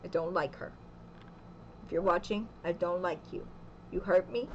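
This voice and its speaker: A woman's voice: fairly low pitch, moderate pace, a little mellow, highs cut off, a little hiss or hum. A young woman telling a story in a casual vlog at home, chatty and laughing often, with "okay" again and again. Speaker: vlogger.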